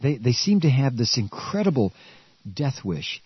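A man rants on the radio in a lively, swooping voice that climbs into shouts. His tone is a little husky and he stumbles over his words. The sound is dull and dry. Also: mid-range voice, normal speed, no room sound. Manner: angry, stammering, shouting outbursts. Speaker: radio talk host. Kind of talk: political rant.

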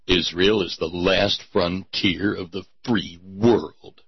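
Brief: man doing a deep, grave male announcer, slow and weighty, every syllable stressed, dull lo-fi sound. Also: fairly even intonation, husky, heavily acted. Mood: grave, ominous. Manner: slow, heavy emphasis on each syllable. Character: solemn booming male slogan announcer, grave.

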